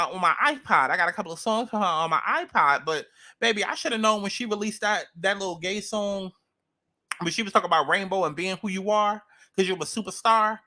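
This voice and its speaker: New man reviewing reality TV, high and piercing, blunt and foul-mouthed. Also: sharp tone. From New York. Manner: blunt, profane, sassy. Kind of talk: ranting commentary.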